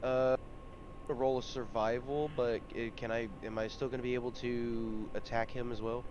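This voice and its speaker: A man's voice: medium pitch, level tone, moderate pace, darkish tone, muffled recording, slight background noise. A man playing a tabletop role-playing game, thinking aloud and hesitating with fillers. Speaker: player. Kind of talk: casual chat during a tabletop game.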